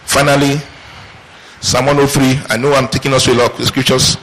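A man's voice: mid-range voice, flat delivery, fairly quick, fairly bright tone, rough recording. A man preaching a sermon, asking rhetorical questions and answering them in call-and-response. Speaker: pastor.

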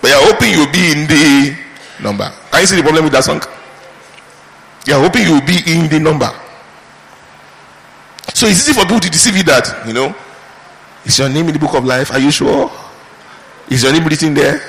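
Man, pastor, sermon, slightly high voice, bright, hall reverb. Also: a little fast, vocal fry, pauses often. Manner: animated preaching with mimicked prayers and rhetorical questions.

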